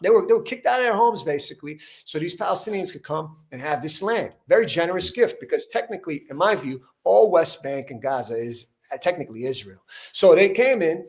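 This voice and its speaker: Guy hosting an interview, high voice, keeps restarting and gets louder as he goes. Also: lively intonation, fairly quick, hardly any pauses. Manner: emphatic, repetitive restarts, voice rising as he gets worked up. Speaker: podcast host interviewing a politician. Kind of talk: heated conversational interview.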